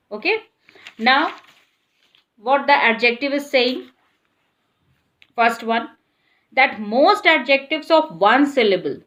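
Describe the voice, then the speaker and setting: A woman's voice: on the high side, fairly bright tone. A woman explaining an English grammar lesson, patiently repeating points and spelling words out letter by letter.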